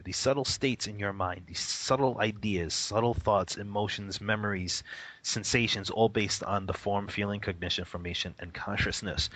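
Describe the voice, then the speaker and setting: A man's voice: fairly low pitch, fairly bright tone, no echo. A man who teaches meditation, explaining things casually in a radio interview. He laughs often and acts out the reactions of the people he quotes. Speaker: Buddhist teacher.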